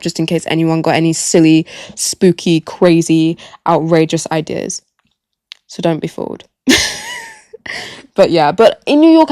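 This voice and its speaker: A young woman from Gambia hosting her own podcast, chatting casually in a rambling, self-mocking way, her throat sore and voice going hoarse. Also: on the low side, darkish tone, no room sound. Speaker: podcast host. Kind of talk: casual solo chat. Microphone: podcast microphone.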